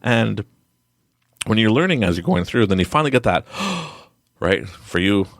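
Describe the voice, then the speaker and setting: A man hosting a podcast in casual interview chat, a rambling, animated storyteller who laughs often. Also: lowish voice, fairly quick, no room sound, clean studio sound. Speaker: podcast host.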